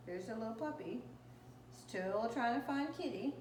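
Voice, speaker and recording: Lively woman reading a picture book aloud. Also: a little high, normal speed, slight background noise. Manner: animated, stops to point out the pictures. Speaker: storybook reader. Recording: echoey room, distant mic.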